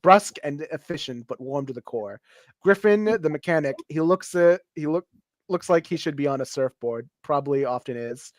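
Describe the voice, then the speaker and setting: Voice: medium pitch, lively intonation, normal speed, no room sound. Giggly host reading a script aloud. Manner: giggly, with frequent laughs and stumbles.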